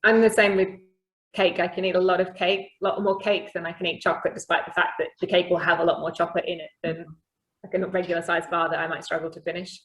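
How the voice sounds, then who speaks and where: A woman hosting a tasting chats in a relaxed, rambling way on a video call, often laughing at herself. Her voice is low for a woman and carries a noticeable room echo. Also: quick pace. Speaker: host of a chocolate tasting. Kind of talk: casual video-call chat.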